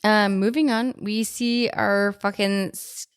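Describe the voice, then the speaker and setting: A woman's voice: medium pitch, steady tone, slow pace, clean tone. A woman co-hosting a podcast, recapping a horror film in a loose, jokey way and swearing freely. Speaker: podcast co-host.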